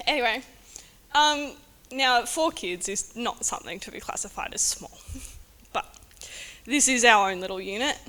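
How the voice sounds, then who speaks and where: Woman, high voice, very lively, nervous wedding speech, shaky, near tears. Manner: nervous, giggly, tearful, chatty. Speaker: sister of the bride giving a speech. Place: indoor wedding reception venue.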